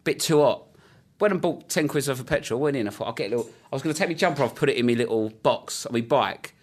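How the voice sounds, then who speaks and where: Quick cheeky bloke hosting a podcast, chatty and jokey. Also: male voice, medium pitch, lively intonation. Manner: cheeky storyteller, quick banter. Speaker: podcast host. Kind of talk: casual chat.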